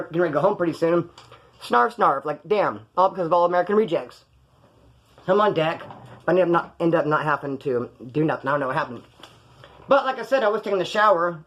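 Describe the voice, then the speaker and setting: A man with a Californian accent tells stories from prison in a loose, rambling monologue. He talks fast in a fairly high voice, swears freely, and jumps into the voices of other people in his stories. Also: a bit bright, highs cut off. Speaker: podcast host telling prison stories. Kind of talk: casual storytelling monologue.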